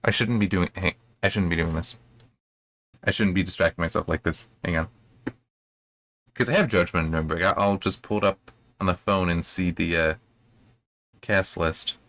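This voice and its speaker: A man's voice: deep voice, moderate pace, long pauses, a bit bright, no room sound. A man giving a casual, rambling commentary as a book reviewer, thinking aloud.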